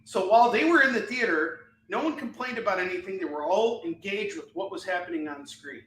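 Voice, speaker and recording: A man with a high, very bright, cutting voice hosts a live comic-selling stream, ranting in an animated way and laughing often. He sounds like he is in an echoey indoor room. A faint hum sits behind him. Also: fairly quick, recorded from a distance. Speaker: live shopping show host selling comics. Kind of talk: live-stream sales chat and rant.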